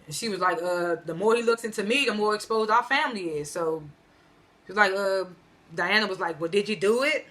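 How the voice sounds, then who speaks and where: Woman chatting thru a tv episode recap, bright sharp voice, slangy, lots of "he was like", rambles n corrects herself. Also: medium pitch, a little fast. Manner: slangy, retells scenes as loose "he was like" quotes; rambling with frequent fillers and self-corrections. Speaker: TV episode reviewer.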